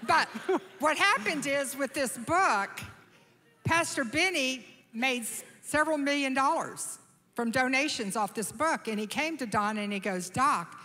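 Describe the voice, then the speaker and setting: High bright woman, lively stage storyteller in big echoey hall. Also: unhurried. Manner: animated, acts out quoted voices. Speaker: conference speaker. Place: large church auditorium. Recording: reverberant hall sound.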